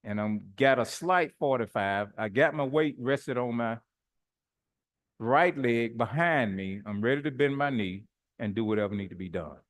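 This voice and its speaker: A middle-aged man, a bishop, preaching informally with personal stories, animated and colloquial, often laughing as he talks. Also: medium pitch, moderate pace.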